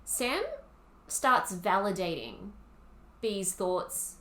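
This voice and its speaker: A woman's voice: mid-range voice, animated, extremely slow, bright, forceful tone, echoey room. Chatty young Australian woman podcaster. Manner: chatty, retells film scenes with quoted lines. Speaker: podcast co-host. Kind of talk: casual chat.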